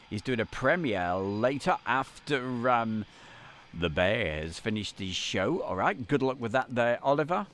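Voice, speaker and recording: A man's voice: lowish voice, fairly bright tone. A man hosting a live stream from an editing van, chatting and greeting viewers by name. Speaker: livestream host.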